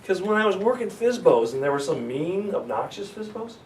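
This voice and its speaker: A man teaching a real estate sales seminar to a live audience, energetic and joking, often laughing at his own stories. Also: high voice, fairly quick, a little hiss or hum. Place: meeting room with a live audience. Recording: echoey room, mic far off.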